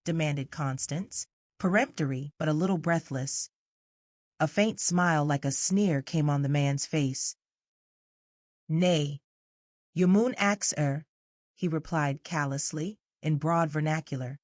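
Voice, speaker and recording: Low-voiced woman reading a novel. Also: unhurried, darkish tone, no echo, clean studio sound. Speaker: audiobook narrator. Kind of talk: scripted literary narration.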